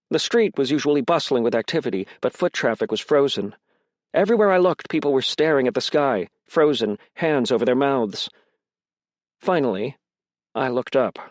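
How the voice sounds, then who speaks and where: A man reading a crime mystery audiobook in first person, with a measured, tense delivery. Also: medium pitch, no echo, clean studio sound. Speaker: audiobook narrator.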